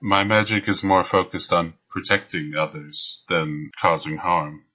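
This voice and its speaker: A man playing a deadpan, deep-voiced paladin knight. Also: unhurried, exaggerated voice. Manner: deadpan, matter-of-fact. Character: dry-witted male paladin knight, protective. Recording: lo-fi dull recording.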